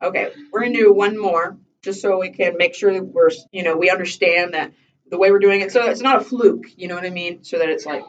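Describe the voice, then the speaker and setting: A woman's voice: fairly low pitch, a little fast, far from the mic, slight background noise. A woman leads a singing lesson, chatty and encouraging, sometimes singing short examples. Her voice comes from a camera set well across the room and sounds dull and muffled. A piano plays now and then in the background. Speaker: voice teacher.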